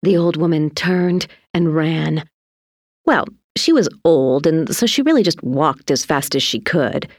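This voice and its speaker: Expressive woman reading a storybook, unhurried, lower voice. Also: no room sound, clean studio sound. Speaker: narrator.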